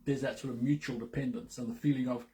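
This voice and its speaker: A man's voice: mid-range voice, level tone, fast, mellow. Zimbabwean guy chatting with his wife, mid voice, earnest, kinda dry humour. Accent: Zimbabwean English. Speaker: co-host, business partner. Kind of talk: casual chat.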